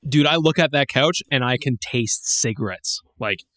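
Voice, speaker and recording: A man's voice: mid-range voice, normal speed, fairly bright tone, no room sound, clean studio sound. A man co-hosting a podcast in casual chat, rambling with restarts, laughing and swearing as he tells old memories. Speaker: podcast co-host.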